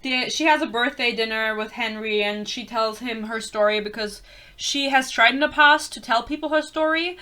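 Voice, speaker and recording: Sarcastic young woman, bright voice. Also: fairly high pitch, steady tone, brisk. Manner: blunt, sarcastic, swears freely, laughs often. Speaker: book reviewer. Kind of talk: casual book rant.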